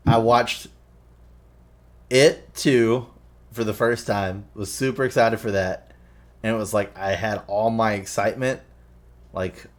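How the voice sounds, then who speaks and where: Deep-voiced dude rambling and cussing a lot, casual chat, gets into retelling movie scenes. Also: male voice, slow, pauses often. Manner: swears a lot, rambling storytelling. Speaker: podcast co-host.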